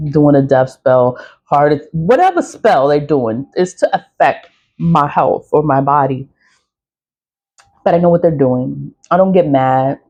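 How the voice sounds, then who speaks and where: Woman, lowish voice, casual rambling vlog talk, swears a lot, laughs often. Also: warm tone. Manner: profane, laughs often, repeats herself. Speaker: spiritual product vlogger.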